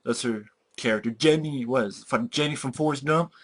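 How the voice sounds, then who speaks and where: A man rants through a movie review in an exasperated, profane way, swearing often. His voice sits at an ordinary middle pitch and jumps up when he is outraged. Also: fairly quick, a bit bright. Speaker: film reviewer.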